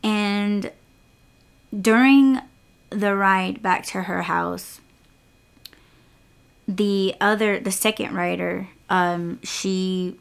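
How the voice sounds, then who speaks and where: A woman's voice: medium pitch, steady tone, drawn-out words, creaky, long pauses, clean tone. A young woman hosting a podcast, casually telling a frustrating rideshare story in a candid, exasperated way, swearing freely. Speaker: podcast host and rideshare driver.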